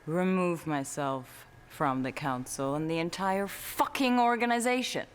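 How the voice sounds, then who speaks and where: A woman's voice: sits low, measured pace, smooth. A woman actor on a film set, apologetic and giggly between takes. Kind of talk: behind-the-scenes banter.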